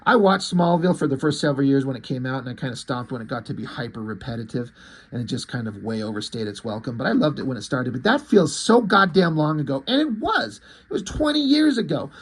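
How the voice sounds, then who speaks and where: A man's voice: fairly high pitch, breathy edge. A man casually recapping a comic book page by page, rambling and swearing freely. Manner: profane, rambling, frequent fillers.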